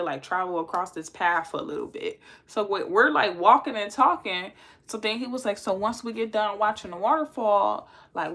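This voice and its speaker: A woman's voice: medium pitch, a bit bright. A young woman with a son, telling a dating story in casual slang and laughing often.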